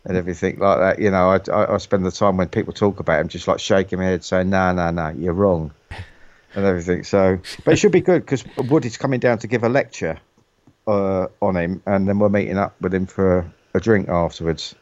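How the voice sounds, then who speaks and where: Deep-voiced British man, rambling chat. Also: quick pace, a little mellow, dry recording, dull audio. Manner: rambling, stumbling restarts. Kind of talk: casual chat.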